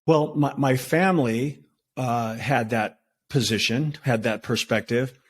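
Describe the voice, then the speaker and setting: A man in his sixties recounts his past at an easy pace, his voice sitting at an ordinary middle pitch. He talks loosely, with plenty of fillers and restarts, like a guest on a podcast. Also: unhurried, slightly rough. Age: 60s. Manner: relaxed, with frequent fillers and restarts. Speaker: retired federal agent, podcast guest. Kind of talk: conversational storytelling.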